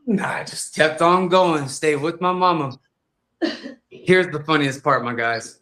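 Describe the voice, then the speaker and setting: A man, a fighter and guest, telling comic stories in a lively way and acting out voices. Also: a little high, moderate pace, echoey room. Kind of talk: animated storytelling on a podcast.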